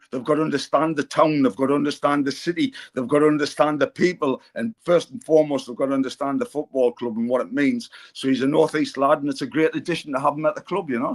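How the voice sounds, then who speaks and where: A middle-aged man with a Geordie accent, chatting casually on a football podcast and telling rambling anecdotes full of fillers and restarts. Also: fairly high pitch. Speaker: pundit on a football fan podcast. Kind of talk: casual chat.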